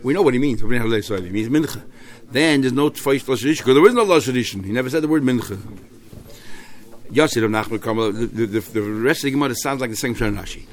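A man's voice: mid-range voice, fast talker. A man teaching a Talmud text, thinking aloud and repeating phrases as he explains.

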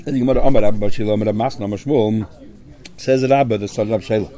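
A man's voice: fairly low pitch, fairly even intonation, rapid-fire, warm tone. A man teaching a Talmud lesson, explaining step by step and weaving Aramaic and Hebrew terms into his English. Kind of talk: Talmud study lecture.

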